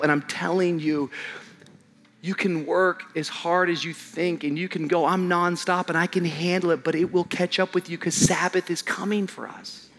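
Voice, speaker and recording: A young man preaching to his congregation with a bright, sharp tone and a high pitch. He moves between shouted high points and quiet, slow passages, with joking asides in between. Soft music plays behind him in the church. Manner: dynamic preaching, swings from shouting highs to quiet low passages; humorous, conversational asides to the congregation. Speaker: pastor. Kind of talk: sermon. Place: church auditorium.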